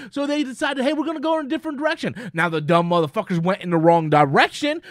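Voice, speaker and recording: A man on his own channel in a heated, swear-filled rant, pressing each point with a quick "right?". His voice is very high for a man, and the sound is close and completely dry. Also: dry recording. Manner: heated, profane, keeps tagging "right?". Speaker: channel host. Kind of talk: profane opinion rant.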